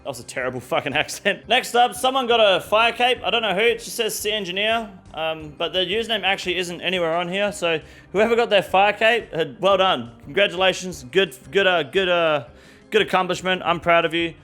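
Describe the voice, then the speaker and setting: A man's voice: high voice, brisk, pushed and bright, faint music behind. A man hosting a weekly gaming news show, ranting bluntly and crudely with plenty of swearing. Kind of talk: casual gaming news rant.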